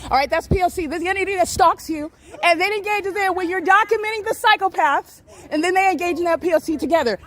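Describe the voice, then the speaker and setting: With an extremely high-pitched voice, a woman vlogs in public, filming on a handheld phone outdoors by parked cars on a street. She keeps up an agitated, accusatory commentary, repeating phrases insistently.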